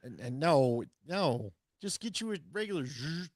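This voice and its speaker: A man's voice: fairly high pitch, expressive, moderate pace, no room sound, studio quality. A man co-hosting a casual sports talk show, teasing his partner and telling jokey stories. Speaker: co-host. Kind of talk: casual chat.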